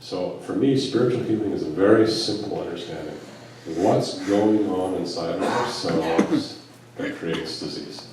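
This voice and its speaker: Speaking unhurriedly in a deep voice, this U.S. physician and spiritual teacher gives a talk before a live crowd, weaving in stories with quoted lines and rhetorical questions. He is captured from afar in a big event room that echoes, and faint noise lingers in the background.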